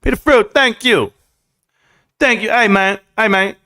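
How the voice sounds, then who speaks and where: Young guy on a livestream, kinda high voice, crude jokes, laughs a lot, says bro constantly. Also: measured pace, pushed and bright. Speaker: livestream host. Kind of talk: casual livestream chat.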